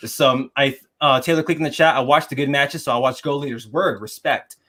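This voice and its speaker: A man's voice: mid-range voice, a little fast, bright, forceful tone. A young man co-hosting a casual podcast, giving firm opinions and answering the live chat. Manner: confident, reads chat aloud, emphatic opinions. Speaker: podcast co-host.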